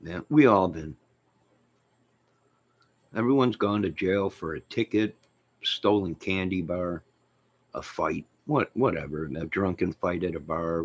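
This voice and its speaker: A man hosting his own channel, chatting in a rambling, jokey way with sudden loud outbursts. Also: low-pitched, husky. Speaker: channel host. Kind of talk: rambling joking livestream chat.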